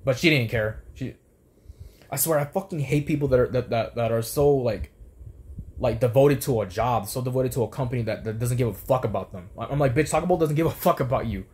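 A young man tells a story at a rapid clip, swearing freely and circling back on his own words in restarts. His pitch sits in an everyday middle range, and he sounds worked up and irritated throughout. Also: darkish tone. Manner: rambling, heated, lots of restarts and swearing. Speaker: former fast food worker. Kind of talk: profane storytelling rant.

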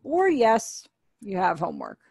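A woman's voice: medium pitch, huge pitch swings, unhurried, gravelly, a little mellow, breathy edge, no echo, studio quality. A woman teaching an online sign language class, patiently explaining and repeating each word.

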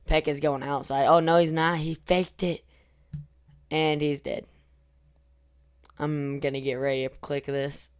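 A young man giving casual, excitable commentary over his own gameplay, hoarse from losing his voice, trailing off into mumbles and then breaking into loud cheers. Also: a little high. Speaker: gaming YouTuber.

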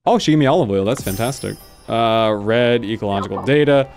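A man casually commenting on his gameplay, excitable and sarcastic, jumping between low mutters and loud yelps. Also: fairly quick, vocal fry, faint music behind. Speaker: gaming video host. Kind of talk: casual let's-play commentary.

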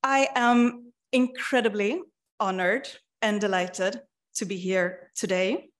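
Woman starting her lecture, slow and careful, polite thank-yous. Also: medium pitch. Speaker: guest speaker and organizer. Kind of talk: formal opening remarks. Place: lecture hall.

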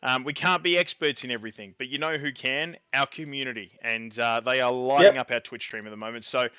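An Australian man co-hosting a live-streamed gaming podcast, chatting casually in an excitable, rambling way with bits of slang. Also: medium pitch, fast talker, clear, resonant tone, no room sound, muffled recording. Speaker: podcast co-host.

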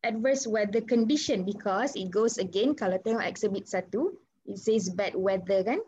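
A Malaysian-accented woman teaches English online at normal speed, her mid-range voice darkish in tone. She mixes Malay with English and encourages students with questions. The video call audio is slightly muffled, with a little hiss or hum.

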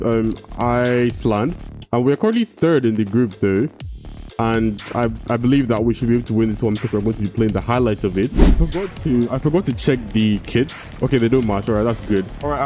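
A man's voice: mid-range voice, darkish tone. A young man giving casual gameplay commentary, often frustrated, swearing and restarting his sentences. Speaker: gaming YouTuber.

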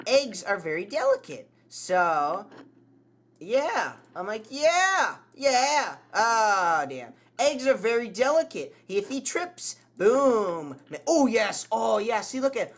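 A man commentating a horror game, swearing and yelping at scares. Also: high-pitched. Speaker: gameplay commentator.

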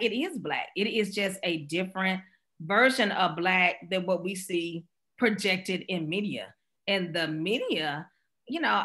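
A middle-aged woman speaker from Mississippi, answering questions after a talk and telling stories with quick laughs. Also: mid-range voice. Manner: animated storyteller, quick laughs. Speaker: guest speaker.

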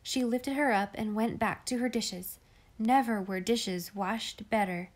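A woman reading a classic children's novel aloud in clear, measured storytelling. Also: fairly high pitch. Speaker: audiobook reader.

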